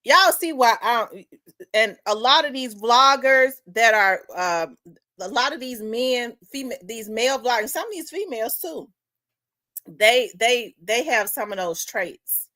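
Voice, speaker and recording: Storytelling woman with a bright voice. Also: fairly high pitch, animated, a little slow, no room sound. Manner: conversational, repeats herself, winding asides. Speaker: host. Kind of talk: casual chat, storytelling.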